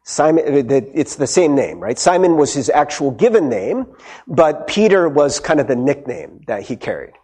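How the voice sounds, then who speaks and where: A male pastor preaches a casual, conversational sermon, tagging many sentences with "right?" and acting out the quotes he retells in character. His voice is fairly high and sing-song with a darkish tone and a breathy edge, at a normal speed.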